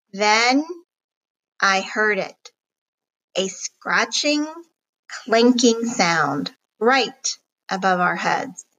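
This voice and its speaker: Slow bright-voiced woman reading a storybook. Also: fairly high pitch, rough recording. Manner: slow, clear storytelling delivery. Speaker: audiobook reader. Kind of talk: reading a children's chapter book aloud.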